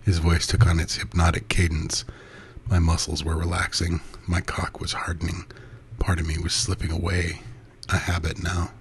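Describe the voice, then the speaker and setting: A man narrating an intimate first-person erotic story in a soft, breathy voice that often drops to a half-whisper. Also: sits low, monotone, normal speed, slight background noise.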